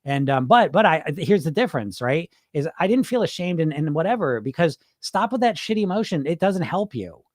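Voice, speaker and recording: A man's voice: fairly high pitch, big pitch swings, fairly quick, hardly any pauses, dry recording, studio quality. A middle-aged man coaching on weight loss in a loose, rambling live-stream chat, swearing casually and restarting his sentences.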